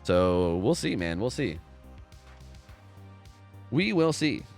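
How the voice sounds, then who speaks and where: A man's voice: on the low side, big pitch swings, slow pace, gravelly, soft background music. A young man casually commentating a game live on stream, rambling, repeating himself and swearing freely.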